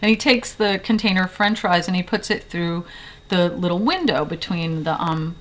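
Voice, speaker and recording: A woman's voice: lowish voice, moderate pace, a bit bright. Rambling New woman vlogging from her bedroom. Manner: rambling, lots of fillers and self-corrections. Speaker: video blogger. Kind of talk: casual storytelling to camera. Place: bedroom in an old house.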